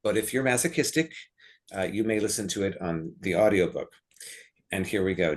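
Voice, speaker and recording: An author addresses a literary society in a somewhat low voice. His delivery is measured and prepared, with dry, joking asides dropped in along the way. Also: lively intonation. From United States. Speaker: author giving a talk.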